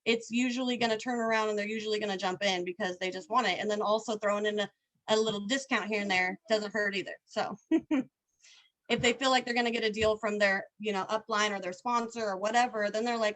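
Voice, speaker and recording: A woman on a video call talking fast and excitedly, full of slang and energy. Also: medium pitch, low-quality recording. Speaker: team leader guest. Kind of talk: casual video call chat.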